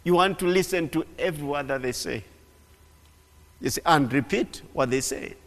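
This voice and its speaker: A man preaching a sermon in an animated way, repeating phrases and often restarting. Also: on the high side, moderate pace. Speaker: pastor. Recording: long hall reverb.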